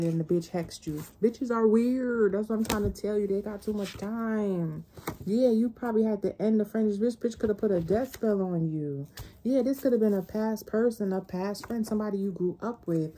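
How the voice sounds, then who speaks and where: A woman's voice: fairly low pitch, dark tone, a little hiss or hum. A woman giving a casual spiritual tarot reading, talking bluntly and profanely in a loose, rambling way. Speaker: tarot reader.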